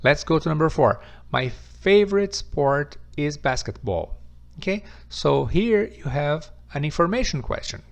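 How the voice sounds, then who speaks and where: A male English teacher with a heavily gravelly, creaky voice, talking through grammar points patiently. His first language is Portuguese, and he slows down to repeat example sentences for his students. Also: on the high side, lively intonation. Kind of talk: online English grammar lesson.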